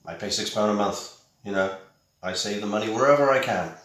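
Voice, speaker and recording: A middle-aged British tech vlogger chats casually through an unboxing in a small room at home, peppering it with wry, self-mocking asides. His voice is on the low side, brisk and a bit bright, picked up by a camera mic with a roomy sound.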